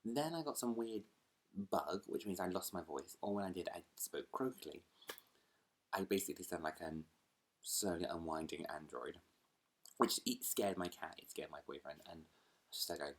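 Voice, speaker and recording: A man's voice: low-pitched, animated, fast talker. A man chatting casually to camera at home as a book vlogger, rambling between asides and laughing easily. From United Kingdom.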